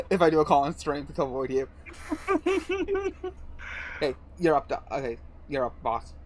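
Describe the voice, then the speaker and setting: Animated laughing man hosting a stream. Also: on the high side, measured pace, long pauses, slight background noise. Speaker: streamer host. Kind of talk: casual chat while playing.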